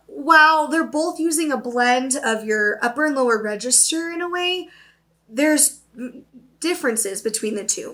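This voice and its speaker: With a high, bright, forceful voice, this young woman teaches a virtual voice lesson in an upbeat style. She explains terms, then demonstrates, frequently checking in with her students with an "okay?".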